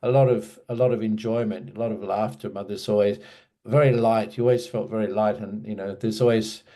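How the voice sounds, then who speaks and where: A man's voice: on the low side, fairly even intonation, a little fast, warm tone. A man casually telling a personal memory in an interview, hesitant, with many restarts and fillers. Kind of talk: casual storytelling.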